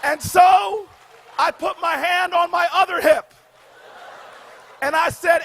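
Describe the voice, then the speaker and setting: A man in his forties giving a humorous commencement speech, shouting his punchlines with a preacher-like call and response. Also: very high-pitched, fairly even intonation, takes it slowly, long pauses, slight background noise. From United States. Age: 40s. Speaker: commencement speaker. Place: outdoor graduation ceremony stage.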